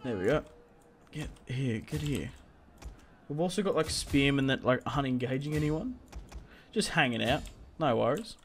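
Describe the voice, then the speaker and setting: A man's voice: medium pitch, animated, a little fast, fairly bright tone, slight background noise. A young man giving casual gameplay commentary, chatting and muttering orders to his troops as he plays. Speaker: gaming video creator.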